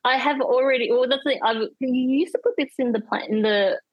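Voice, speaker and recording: A woman's voice: high-pitched, brisk, no room sound, poor audio. A woman from South Australia with an Australian accent, chatting casually as a guest, rambling and restarting her thoughts as she laughs easily. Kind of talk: casual chat.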